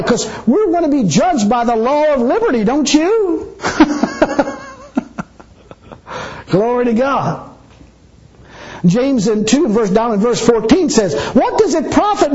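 A man's voice: very high voice, darkish tone. A male preacher delivering an emphatic, blunt sermon with mocking asides. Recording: dull lo-fi recording.

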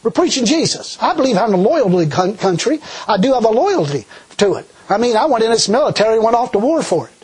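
A middle-aged man preaching a sermon in a folksy, animated way, laughing often. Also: sits high, fast, few pauses, breathy edge, low-quality recording.

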